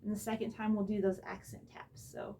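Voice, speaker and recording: A woman teaching a casual drum lesson, explaining step by step in a relaxed way beside her drum kit, recorded on a low-quality camera mic. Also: a little fast, a little hiss or hum. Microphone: phone or camera mic.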